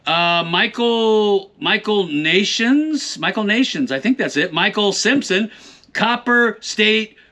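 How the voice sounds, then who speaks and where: High, bright-voiced jokey cowboy host. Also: male voice, animated, slow. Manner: jokey, folksy cowboy talk, playful mispronunciations. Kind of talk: reading supporter names, casual banter.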